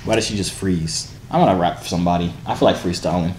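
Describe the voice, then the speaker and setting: A man's voice: low-pitched, fast. A young man chatting with strangers over a phone video app, in a goofy, teasing, rambling way. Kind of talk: casual video chat. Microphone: phone on a video chat app. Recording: echoey room, noisy video call.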